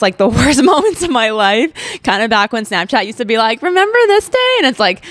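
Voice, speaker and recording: A woman's voice: medium pitch, fairly bright tone, smooth, no echo. Candid young woman podcaster, dry sound. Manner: candid, emotional, heavy use of "like" fillers. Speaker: podcast host. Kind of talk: personal faith testimony, casual chat.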